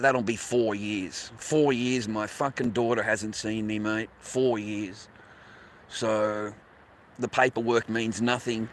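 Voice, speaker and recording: A vlogger walks outdoors by a beach, talking casually to his viewers in a blunt monologue full of swearing and calling them mate and bro. His voice is mid-range and a bit bright, with a little hiss or hum on the recording.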